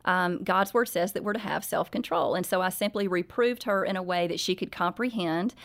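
A woman's voice: lowish voice, fairly quick, gravelly. A middle-aged woman, a parenting author, earnestly telling an interviewer about raising her children with faith-based guidance. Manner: warm, sincere, faith-based parenting advice.

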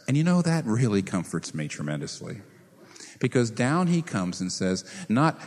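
A man delivering a sermon as pastor, his voice moving freely up and down as he presses his points. He keeps asking the congregation questions, animated throughout. The sound carries a long, echoing reverb, as in a large church sanctuary. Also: fairly low pitch, normal speed. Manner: animated preaching with rhetorical questions. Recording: reverberant hall.

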